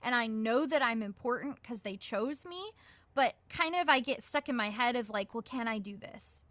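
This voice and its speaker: Bright, chatty woman voice actress. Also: on the high side, normal speed, no echo. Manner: chatty, lots of "like" and "um" fillers, acts out her own quoted thoughts. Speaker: guest voice actress. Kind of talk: casual interview answers.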